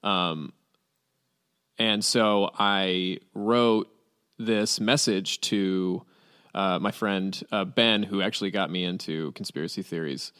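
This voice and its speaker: Low-voiced man telling a rambling story. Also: fairly even intonation, slow pace, a bit bright, clear, resonant tone. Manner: rambling, filler-heavy, laughs easily. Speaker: podcast guest. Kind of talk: casual storytelling chat.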